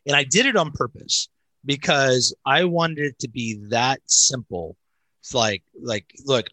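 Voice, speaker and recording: A man's voice: medium pitch, sharp tone, no echo, poor audio. A male pastor as a podcast guest, giving practical advice in a direct way. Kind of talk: casual interview talk.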